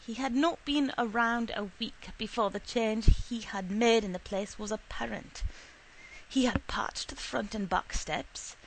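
A woman reading a short story aloud in a steady, unhurried storytelling manner. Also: on the high side, a little hiss or hum, poor audio. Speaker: reader.

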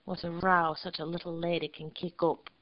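A sighing stout old gentleman, as a woman reads him. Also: lowish voice, level tone, moderate pace, lo-fi sound, lightly acted. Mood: weary. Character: stout wealthy gentleman, pleading and weary.

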